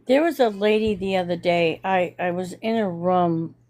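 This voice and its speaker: A woman's voice: fairly low pitch, moderate pace, darkish tone. A woman telling a rambling anecdote in casual chat.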